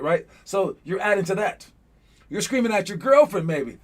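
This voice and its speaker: A young man coaching basketball players through a lesson, animated and often acting out the calls players shout on court. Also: sits high, brisk.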